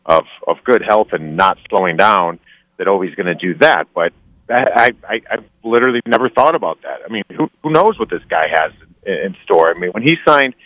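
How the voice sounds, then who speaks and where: Rambling ex-hockey player from Cleveland. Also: male voice, low-pitched, animated, brisk, fairly bright tone, no echo, low-quality recording. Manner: rambling, many restarts and fillers. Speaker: former hockey player, guest analyst. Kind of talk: casual storytelling.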